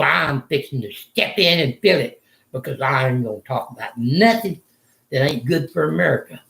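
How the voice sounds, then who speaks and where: A man's voice: mid-range voice, vocal fry, fairly bright tone, roomy sound. An older man, ranting angrily and profanely in a rambling vlog monologue from a room in a retirement home. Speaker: vlogger.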